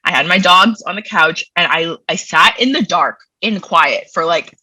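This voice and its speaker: A woman's voice: on the low side, lively intonation, normal speed, sharp tone, breathy edge, dry recording, rough recording. A woman talking as a guest in a casual interview, chatty and self-deprecating, often laughing.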